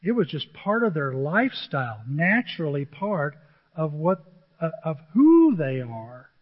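A male pastor preaching a sermon to his church, animated and emotional, often jumping into excited high exclamations. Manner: self-described emotional. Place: church sanctuary with a screen. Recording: dull, long hall reverb.

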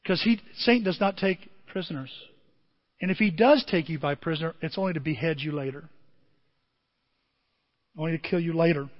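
A man preaching a sermon as pastor, telling a story with animated delivery and bursts of shouting. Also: fairly high pitch, normal speed, pauses often. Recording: dull lo-fi audio in a reverberant hall.

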